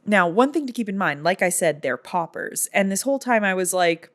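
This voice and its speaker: A woman's voice: mid-range voice, expressive, fairly quick, few pauses. A woman giving a casual, jokey recap of a movie, telling the plot with a sarcastic edge. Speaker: vlogger.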